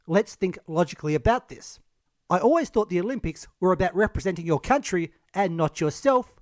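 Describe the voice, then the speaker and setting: Man, high voice, dry sound, measured critical scripted narration. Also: lively intonation, a little mellow, no echo.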